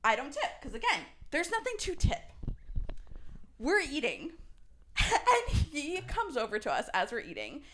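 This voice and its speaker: High, lively young woman telling a story. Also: unhurried, a little hiss or hum. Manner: animated, laughs through the story. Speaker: podcast co-host. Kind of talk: casual chat, storytelling.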